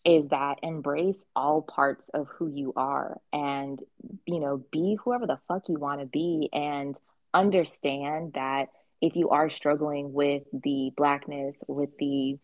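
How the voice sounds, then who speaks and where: A woman's voice: low voice, steady tone, slow pace, no room sound, highs cut off. A woman hosting a podcast in casual chat, talking bluntly and emphatically, with plenty of swearing. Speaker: podcast host.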